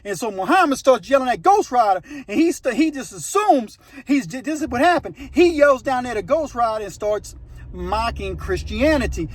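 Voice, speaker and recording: A man's voice: very high voice, lively intonation, moderate pace. A man telling a story in a casual, slangy, conversational way, with frequent asides to the listener.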